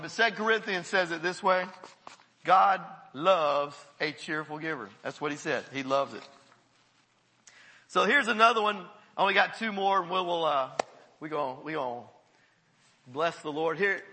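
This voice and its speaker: A man preaching a sermon to his congregation, animated, repeating words and calling on the listeners to answer. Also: high-pitched, big-room sound. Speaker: pastor. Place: church.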